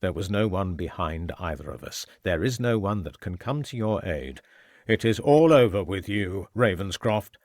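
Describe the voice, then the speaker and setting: A man voicing a scheming, murderous gentleman villain in an audiobook, speaking in a low, sneering, menacing way. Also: lively intonation, normal speed, dry recording, clean studio sound. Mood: gloating. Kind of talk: audiobook character voice.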